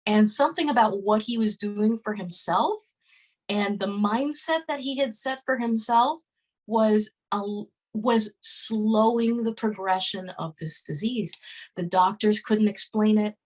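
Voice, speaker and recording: A woman's voice: medium pitch, unhurried, low-quality recording. A woman in her thirties speaking as a podcast guest, telling a story casually and earnestly, with many fillers and restarts. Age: 30s.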